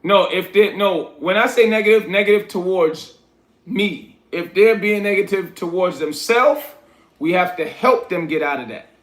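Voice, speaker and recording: High-voiced New York man livestreaming. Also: normal speed, roomy sound. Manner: reads chat aloud, coaching and scolding viewers. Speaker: livestream host. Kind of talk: casual livestream chat.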